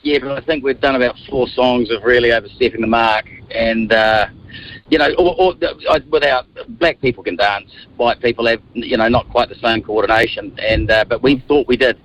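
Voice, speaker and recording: A New Zealand man around fifty, a radio guest telling lively stories from a moving car. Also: medium pitch, moderate pace, slight background noise, poor audio. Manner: animated storyteller, acts out quotes. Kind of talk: casual radio interview.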